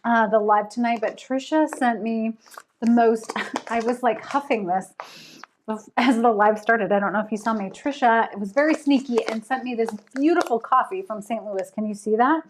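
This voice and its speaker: A woman's voice: a little high, normal speed, a little hiss or hum. A woman author hosting a casual livestream, chatting with viewers and laughing often.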